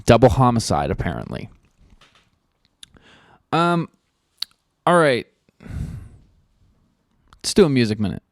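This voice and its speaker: A man's voice: medium pitch, huge pitch swings, slow pace, creaky, long pauses, dry recording. A man hosting a podcast, rambling casually in a studio, swearing freely and leaning on fillers. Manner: rambling, profane, full of fillers. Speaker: podcast host.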